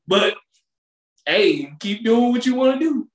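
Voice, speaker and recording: A man co-hosting a podcast, chatting casually with slangy, animated storytelling. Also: high voice, normal speed, roomy sound. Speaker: podcast co-host. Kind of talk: casual chat.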